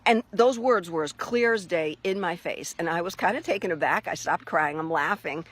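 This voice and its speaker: A woman's voice: lowish voice, moderate pace, breathy edge. A woman who works as a spirit messenger and podcaster, telling a personal story to the camera and acting out the lines of each person she quotes. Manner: expressive storyteller who acts out quoted dialogue.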